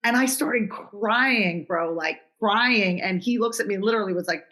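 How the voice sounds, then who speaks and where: A woman's voice: mid-range voice, moderate pace, bright, forceful tone. A woman in her forties co-hosting a podcast over a video call, effusive and emotional with a slangy, casual way of talking. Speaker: podcast co-host.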